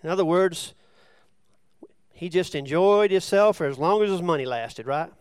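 His voice high and ringing clear, a man preaches at normal speed, first reading a scripture passage and then explaining it with relaxed, everyday asides.

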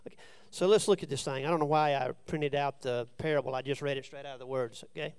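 A man's voice: medium pitch, fairly even intonation, quick pace, hardly any pauses, darkish tone, clean tone. A man preaching, who reads scripture aloud and then explains it in plain, conversational asides. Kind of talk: sermon with scripture reading.

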